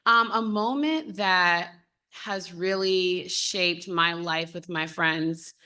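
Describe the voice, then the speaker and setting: Woman in her thirties, lowish voice, heartfelt, conversational panel talk. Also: slow, pushed and bright, smooth. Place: symposium panel.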